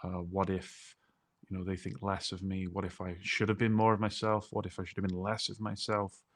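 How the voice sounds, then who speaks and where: Male co-host, lowish voice, talkative explainer. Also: completely flat delivery, moderate pace. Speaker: podcast co-host. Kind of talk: explanatory podcast chat.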